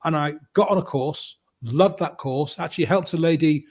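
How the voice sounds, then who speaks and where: A middle-aged man, a guest telling his story in a lively way and acting out the voices of the people in it. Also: on the high side, normal speed, slightly rough. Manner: lively, acts out quoted voices. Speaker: guest, mindset coach. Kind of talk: animated storytelling.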